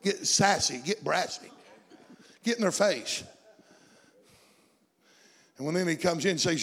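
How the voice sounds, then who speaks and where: A man's voice: on the high side, animated, unhurried, long pauses, fairly bright tone, long reverb tail. A man preaching a sermon in a fervent, rhythmic way, stacking repeated phrases.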